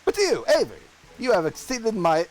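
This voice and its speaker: A man's voice: high-pitched, huge pitch swings, brisk, rough recording. A man voicing a polite, proper male noble patron, reading game dialogue aloud in a formal manner and stumbling over words. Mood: gracious.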